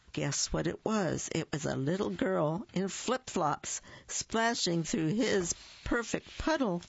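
A storyteller reads a picture book aloud at an unhurried pace, acting out the sound words with expression. The voice has a gravelly edge. The recording is dull, lo-fi and dry. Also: mid-range voice.

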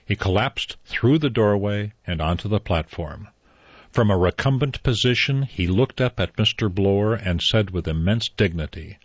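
Man narrating audiobook, low voice, husky, measured, dull dry recording. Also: lively intonation, no room sound. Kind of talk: scripted narration.

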